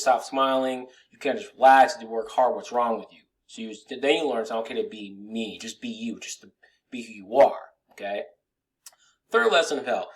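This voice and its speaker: Man, life coach, casual rambling talk, swears, mid pitch. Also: a bit bright. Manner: loose, swearing, rambling with restarts. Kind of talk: casual motivational talk to camera.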